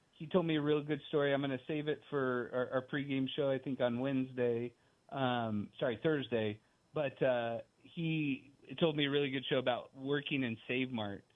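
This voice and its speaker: A man calling in as a team broadcaster, chatting in a relaxed way with frequent restarts. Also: medium pitch, moderate pace. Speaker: team play-by-play broadcaster, guest. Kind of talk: casual radio chat. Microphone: phone call-in. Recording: tinny phone line.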